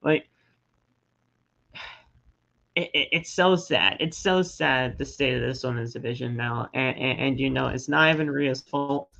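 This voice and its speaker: A man's voice: mid-range voice, vocal fry. A man co-hosting a casual wrestling podcast, often stumbling and repeating words as he talks. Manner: halting, repeats words, animated. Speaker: podcast co-host. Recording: slightly dull lo-fi audio.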